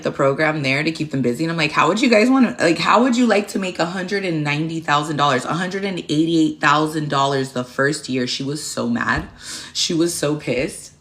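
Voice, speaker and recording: A woman's voice: extremely low pitch, vocal fry. A woman streaming a tarot session chats casually and bluntly, swearing often. She rambles from point to point and breaks off to thank viewers by name. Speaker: tarot reader and livestream host. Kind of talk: casual livestream chat.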